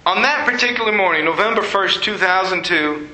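A man's voice: high-pitched, brisk, bright, forceful tone. A middle-aged man, a pastor, telling a personal story in a sermon with earnest emotion. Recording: echoey room.

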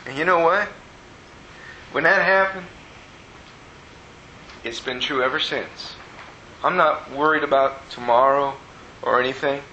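A man preaching a sermon as a personal testimony, telling the story earnestly and moving between hushed and excited tones. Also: on the high side, measured pace, long pauses, highs cut off, a little hiss or hum. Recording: roomy echo.

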